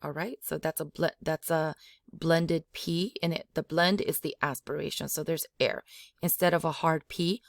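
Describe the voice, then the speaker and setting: A woman's voice: low-pitched, steady tone, normal speed, gravelly, dry recording. Woman language teacher, dry close sound, repeats the sounds to demonstrate them. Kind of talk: slow spoken language lesson.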